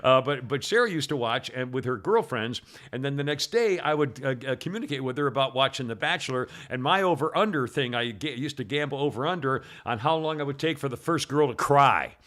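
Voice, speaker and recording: A man's voice: medium pitch, lively intonation, a little fast, few pauses, a bit bright. An older man hosting a podcast, telling long rambling stories in casual chat and laughing often. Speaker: podcast host.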